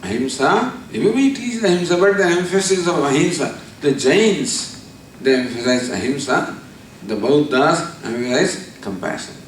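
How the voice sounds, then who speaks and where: A man, giving a spiritual discourse. He tells a story and then explains Sanskrit terms slowly, repeating them. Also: a little high, sing-song. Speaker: spiritual teacher. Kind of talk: discourse on scripture. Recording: echoey hall from far off, faint noise.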